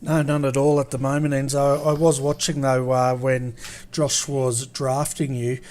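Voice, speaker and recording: A man co-hosting a sim racing broadcast, relaxed and friendly. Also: medium pitch, a little slow. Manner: relaxed, friendly, says fantastic and mate. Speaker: broadcast co-host.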